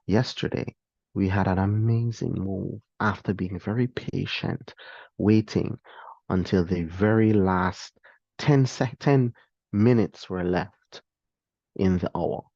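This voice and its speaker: Male trading instructor, deep and dark-toned, relaxed explainer on a slightly muffled, dry recording. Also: creaky, dry recording. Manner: relaxed, explanatory, addresses viewers directly. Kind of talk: screen-share trading lesson.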